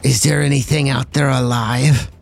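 A man's voice: mid-range voice, fairly even intonation, normal speed, creaky, faint music behind. A man casually playing a tabletop game, describing his character's actions with frequent fillers. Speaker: player.

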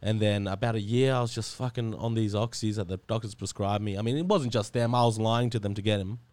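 An Australian comedian chatting on a podcast in a laid-back, meandering way, swearing freely. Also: male voice, on the low side, fairly even intonation, quick pace, a little mellow. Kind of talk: casual podcast chat.

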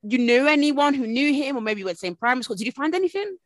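A woman's voice: sits high, expressive, fast, dry recording. A woman hosting a podcast in casual chat, chatty and full of restarts. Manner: chatty, restarts often, says "you lot". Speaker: podcast host.

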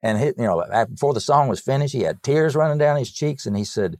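An older man from North Carolina, a songwriter guest, telling stories in a lively way in an interview and often repeating words as he goes. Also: medium pitch, fast talker, few pauses, no echo, clean studio sound. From North Carolina, USA. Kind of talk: storytelling in a podcast interview.

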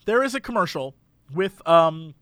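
A young man with a very high, bright voice, sarcastically riffing as a co-host in casual comedy banter. His pitch leaps around wildly, and the sound is dry and close with no room behind it. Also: expressive, moderate pace, smooth, no echo. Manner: sarcastic, jumps into silly put-on voices. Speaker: podcast co-host.

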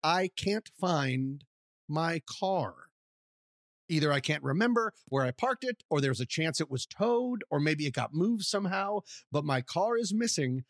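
Man, podcast co-host, high voice, very lively delivery, playful, laughs a lot, dry close sound. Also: no room sound. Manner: playful, laughs often, mock game-show announcing. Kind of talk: casual podcast chat.

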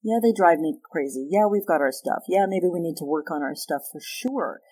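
A woman therapist as a podcast guest, explaining ideas through animated stories and acted-out dialogue. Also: lowish voice, moderate pace, slightly rough. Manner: animated storyteller, acts out quoted dialogue. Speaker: guest sex therapist and psychologist. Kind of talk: conversational podcast interview.

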